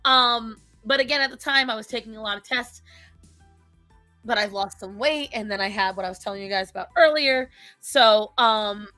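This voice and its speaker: A woman's voice: fairly high pitch, normal speed, sharp tone, no echo, faint music behind. A woman with a thick Rhode Island accent, telling stories in casual chat, laughing often and swearing freely. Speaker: podcast co-host.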